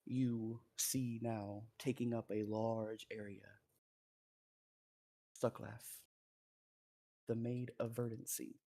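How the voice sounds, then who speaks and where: A man narrating a tabletop game as game master in a slow, deliberate way. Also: mid-range voice, level tone, mellow.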